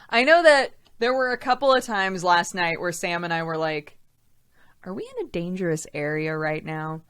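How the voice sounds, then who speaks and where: A woman's voice: on the low side, normal speed, fairly bright tone, clear, resonant tone. Chatty woman streamer, laughs often. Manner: chatty, laughs often, reads out chat names. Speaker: streamer hosting a weekly chat show. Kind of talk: casual live-stream chat.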